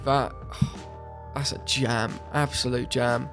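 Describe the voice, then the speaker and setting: A young man talks through a music review in a loose, eager way, doubling up words when he likes something. His voice has a gravelly fry at a middle pitch. Faint music plays behind him. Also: fairly even intonation, takes it slowly. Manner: enthusiastic, repeats words for emphasis. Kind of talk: casual music review monologue.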